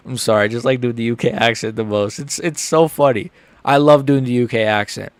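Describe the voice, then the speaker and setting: A man streaming a live fight reaction, excitable and joking, often blurting out swear words. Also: mid-range voice, brisk, clean tone, no room sound.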